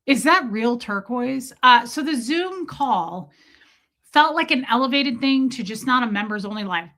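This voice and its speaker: A woman's voice: a little high, animated, measured pace, bright, forceful tone. A woman hosting a livestream, chatting casually in a blunt, profane, self-mocking way. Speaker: livestream host. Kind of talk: casual chat.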